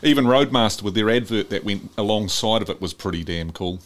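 Low-pitched kiwi bloke on a podcast, easygoing, lots of yeah yeah. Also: male voice, fairly quick. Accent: New Zealand. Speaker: podcast co-host. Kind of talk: casual chat.

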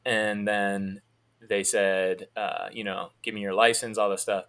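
A man telling a long story in a casual chat, in a fairly monotone, rambling way with many restarts. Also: fairly low pitch, unhurried, clear, resonant tone.

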